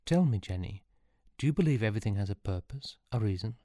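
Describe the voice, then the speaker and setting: Man doing lonely young man lost in time, low mellow voice, wondering, dry sound. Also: expressive, quick pace, no room sound. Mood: pleading.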